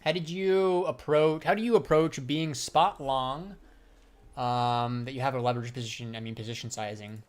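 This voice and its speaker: A man's voice: mid-range voice, moderate pace. A young adult man chatting casually on a livestream about trading and answering viewers. His talk is loose, slangy and profane, and he laughs often. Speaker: livestreamer and crypto trader.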